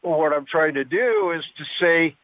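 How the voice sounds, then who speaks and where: A man calling in to a radio talk show, needling the host and speaking haltingly. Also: on the high side, no room sound. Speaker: caller. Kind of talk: phone-in call. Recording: phone line.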